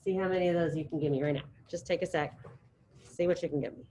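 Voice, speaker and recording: Upbeat lower-pitched woman teaching class. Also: steady tone, quick pace, warm tone, a little hiss or hum, poor audio. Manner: upbeat, encouraging, chatty. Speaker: high school Spanish teacher. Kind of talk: classroom teaching with call-and-response drills. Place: classroom with students present and online.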